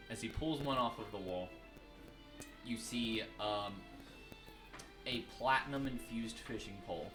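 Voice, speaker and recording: A man running a tabletop game as game master, narrating the scene and voicing characters in a lively way. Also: mid-range voice, measured pace, pauses often, music in the background. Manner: lively, voices non-player characters.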